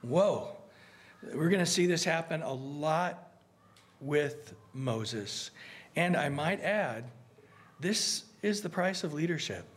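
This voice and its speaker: A man gives an earnest, conversational sermon in a somewhat high voice. He is animated and keeps restarting his phrases as he talks. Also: slow. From United States. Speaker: pastor.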